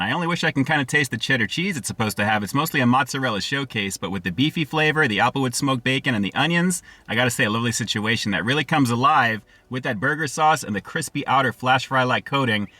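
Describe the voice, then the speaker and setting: Upbeat fast-talking male food reviewer. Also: medium pitch, bright, forceful tone, no echo. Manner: upbeat, slangy, addresses viewers as guys. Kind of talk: casual food review vlog.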